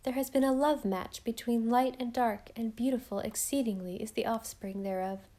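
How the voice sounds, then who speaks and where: A woman reading as a gentle, dreamy young wife. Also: a little high, normal speed, close to an everyday voice.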